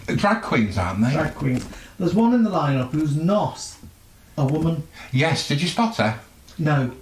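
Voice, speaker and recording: A man putting on gossiping older ladies, blunt and high. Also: big pitch swings, a little slow, a little hiss or hum. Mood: gossipy. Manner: blunt, gossipy, mock-innocent. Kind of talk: comedy sketch chat in character. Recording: echoey room.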